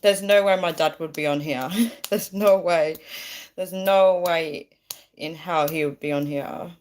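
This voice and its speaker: A woman's voice: deep voice, a little slow, a little mellow. A woman chatting casually on a live stream, giggling and reading out viewer comments.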